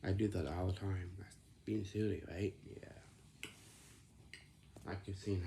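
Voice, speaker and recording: A man's voice: low voice, steady tone, slow, warm tone, slight background noise. A man chatting casually and rambling, repeating himself and often restarting his sentences.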